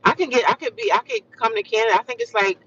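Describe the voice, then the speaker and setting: An American woman chatting casually with her livestream viewers, animated and repetitive, calling them honey and sis. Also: fairly high pitch, fast talker, far from the mic, highs cut off, slight background noise. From United States. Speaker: livestream vlogger.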